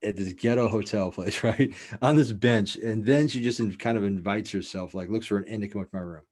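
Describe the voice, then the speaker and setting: On the low side and a little mellow, this male host's voice moves at a brisk clip. He shares a story casually, wandering off track with profanity and lots of fillers.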